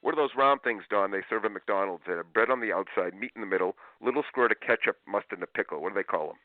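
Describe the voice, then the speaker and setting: A man talking as an interview guest about parenting, telling stories in an animated way and acting out parents and kids in raised voices. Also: on the low side, fast talker, no room sound. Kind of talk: lively interview storytelling. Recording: tinny phone-like line.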